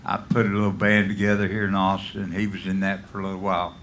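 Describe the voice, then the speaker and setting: Man, low but bright and forceful voice, earnest spoken tribute, faint bar noise. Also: monotone, quick pace. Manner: earnest, off-the-cuff. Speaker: musician paying tribute. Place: small pub stage.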